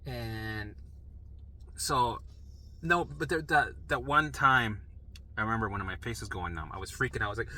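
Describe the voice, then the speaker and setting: Man, very bright tense voice, profane animated storyteller. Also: medium pitch, moderate pace, long pauses, rough recording. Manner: profane, animated, frantic retelling. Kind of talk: personal storytelling monologue.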